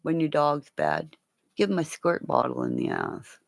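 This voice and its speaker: A woman's voice: sits low, wildly swooping pitch, normal speed, creaky. A woman in a rambling, profane casual chat, talking to her pets between asides. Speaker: vlogger.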